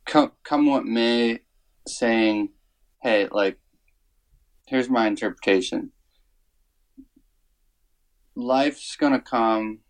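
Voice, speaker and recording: An earnest man in an interview, telling a personal story at an unhurried, drawn-out pace. His voice sits at an ordinary middle pitch, and he searches for words with frequent pauses and fillers. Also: poor audio. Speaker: worship songwriter guest.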